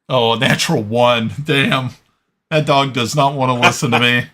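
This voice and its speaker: A man playing in a tabletop game, chatting casually in a slow, rambling way. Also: medium pitch, fairly even intonation, bright, forceful tone. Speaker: tabletop player.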